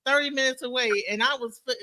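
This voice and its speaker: A woman in casual chat, telling her side of a story bluntly, often dropping to a low murmur. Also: quick pace, sharp tone, no room sound. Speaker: podcast host.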